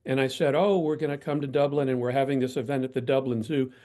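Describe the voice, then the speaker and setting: An older man, a guest in an interview, telling self-deprecating anecdotes in a reflective, steady way. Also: medium pitch, quick pace. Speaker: guest, PR professional. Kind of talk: storytelling in interview.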